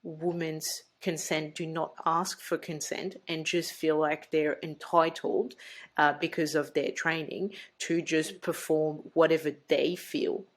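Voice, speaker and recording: A woman's voice: deep voice, flat delivery, a little slow. A woman, hosting a casual chat as a doula and speaking earnestly and emphatically. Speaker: doula and podcast host.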